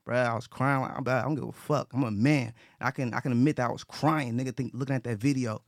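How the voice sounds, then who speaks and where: Man, gravelly, earnest casual talker, restarts and repeats. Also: medium pitch, steady tone, fast, dry recording, clean studio sound. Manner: earnest, repetitive, with frequent restarts and profanity. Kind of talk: casual talk.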